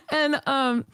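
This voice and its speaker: A young woman telling a long personal story on a stream, animated and swearing casually, jumping into a higher voice for quotes. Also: dry recording, clean studio sound.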